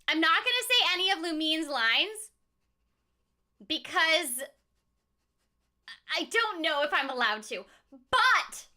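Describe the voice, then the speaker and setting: Bubbly, bright-voiced woman streamer. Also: sits high. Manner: bubbly, giggly, chatty. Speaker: streamer and voice actor. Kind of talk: casual game stream chat.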